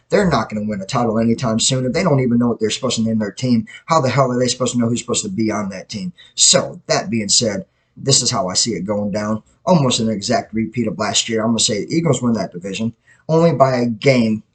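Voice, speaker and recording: A man's voice: mid-range voice, low-quality recording. A man hosting his own self-produced podcast, giving blunt, opinionated sports takes in a rambling, casual way with frequent self-corrections. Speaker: podcast host. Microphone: self-produced podcast mic.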